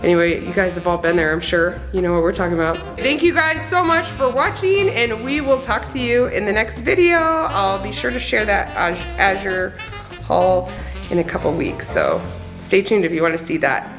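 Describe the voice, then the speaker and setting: A woman talks casually to her viewers in a chatty, upbeat vlog. She rambles along with plenty of ums and restarts. The tone is relaxed and friendly throughout. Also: medium pitch, moderate pace, over music. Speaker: homesteading family vlogger. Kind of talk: casual chat to camera.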